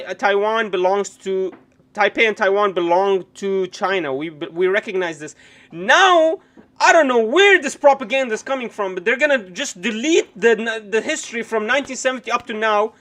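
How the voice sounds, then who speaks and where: A man's voice: high voice, fairly bright tone. A man live-streaming his reaction to a news clip, ranting indignantly and swearing often.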